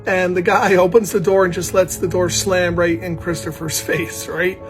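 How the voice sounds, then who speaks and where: A man, a proud father, casually telling a story about his son, animated and laughing often as he talks. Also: high-pitched, moderate pace, faint music behind. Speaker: parent telling a family story.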